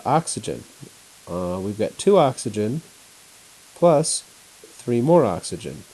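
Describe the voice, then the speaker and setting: A male teacher walking through a chemistry lesson at home on his laptop, in a flat, announcer-like voice. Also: medium pitch, poor audio. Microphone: laptop mic.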